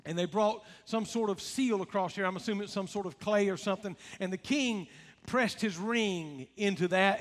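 High, bright-voiced preacher in a big hall. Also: male voice. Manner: rhythmic preaching, calls out to the congregation. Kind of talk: sermon. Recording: long reverb of a large hall.

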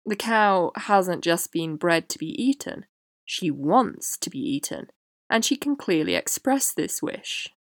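A woman hosting a podcast, reading a prepared essay in a measured way. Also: on the low side, very animated, no room sound, studio quality. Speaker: podcast host. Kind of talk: scripted essay narration.

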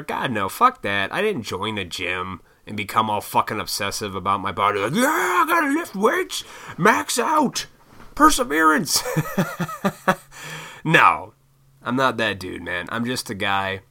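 Profane, bright-voiced man ranting. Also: lowish voice. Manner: profane, blunt, mocking impressions of others. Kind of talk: casual motivational rant.

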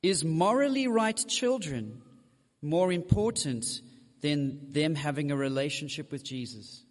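Animated high-voiced male preacher. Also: a little slow, in a large hall. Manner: direct, addresses the congregation with asides. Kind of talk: sermon.

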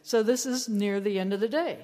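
Woman preacher, storytelling sermon, mid-pitched voice, long church reverb. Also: normal speed, warm tone. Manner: storytelling, acts out quoted lines playfully.

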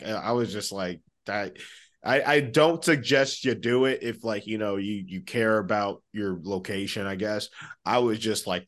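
A man co-hosting a podcast, telling stories in casual chat, laughing often and swearing freely. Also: lowish voice. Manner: laughing, animated storytelling, heavy swearing. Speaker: podcast co-host.

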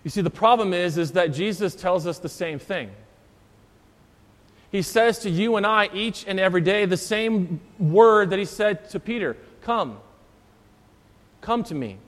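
A pastor with a high-pitched voice preaches a sermon at a normal speed, moving through scripture verse by verse and repeating key phrases. He's in a church, and the recording carries a long church reverb.

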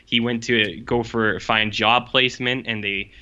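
Bright-voiced casual man on a lo-fi mic. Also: medium pitch, steady tone, clean tone. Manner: rambling, jokey plot recaps with quick put-on quotes. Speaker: podcast co-host reviewing films. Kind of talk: casual chat.

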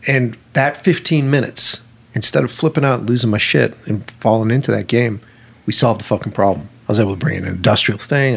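Male film director, husky voice, casual anecdotes, profane and animated. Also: medium pitch. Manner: animated, profane, acts out dialogue. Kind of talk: casual storytelling conversation.

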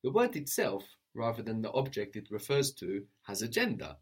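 A man teaching a language lesson, patiently modeling pronunciation slowly and asking a student to repeat. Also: lowish voice, sing-song, slightly rough.

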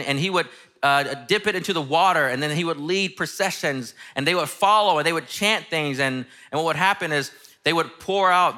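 A man giving a relaxed, slangy, enthusiastic sermon, reading scripture and explaining it to his church. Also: on the high side. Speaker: pastor.

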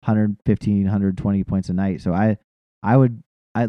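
A man's voice: lowish voice, fairly even intonation, normal speed, dry recording, lo-fi sound. Laid-back podcast host, man. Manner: laid-back, swears casually, stumbles and restarts. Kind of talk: casual chat.

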